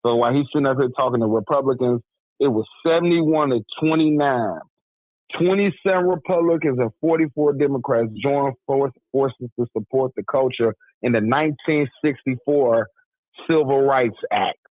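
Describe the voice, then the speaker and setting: A man's voice: medium pitch, normal speed, no echo. A man from Milwaukee calling in to a radio show, ranting angrily and swearing. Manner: angry, profane rant. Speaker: caller. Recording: tinny phone line.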